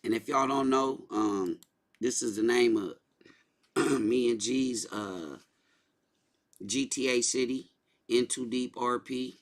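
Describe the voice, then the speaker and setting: A man's voice: medium pitch, takes it slowly, pauses often. A man hosting a casual livestream, talking loosely and repeating his points. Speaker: livestream host.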